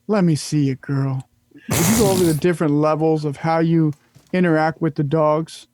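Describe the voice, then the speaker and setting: Male co-host, somewhat high voice, dry close sound, asks follow-ups. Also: steady tone, normal speed, a little mellow, dry recording. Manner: prompting, asks the guest questions. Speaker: podcast co-host. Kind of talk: casual chat.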